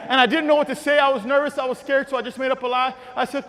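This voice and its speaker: A man from giving a keynote speech to educators, leading the crowd in call-and-response chants and telling stories in a hushed voice. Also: extremely high pitch, steady tone, very fast, few pauses. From Texas. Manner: storytelling, dropping to a hushed voice. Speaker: motivational speaker. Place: large auditorium. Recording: reverberant hall with audience.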